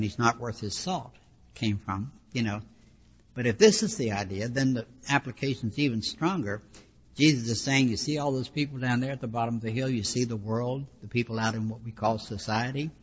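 A man's voice: medium pitch, husky. A man preaching a sermon, explaining scripture in a conversational teaching way with frequent asides. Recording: dull lo-fi recording with long hall reverb.

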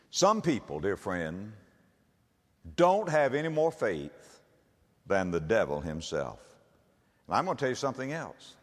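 A man preaching a sermon as pastor, reading scripture aloud with dramatic, rising emphasis in a large church sanctuary. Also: mid-range voice. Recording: long reverb of a large church.

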